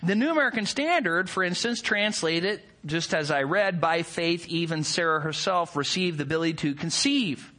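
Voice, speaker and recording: A man preaching a teaching sermon in a bright, ringing voice that climbs and falls a great deal. He leans hard on key words and keeps throwing questions out to his listeners. His delivery is emphatic and animated. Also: fairly high pitch, moderate pace, few pauses. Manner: emphatic, asks the audience rhetorical questions. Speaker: pastor. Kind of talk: expository sermon.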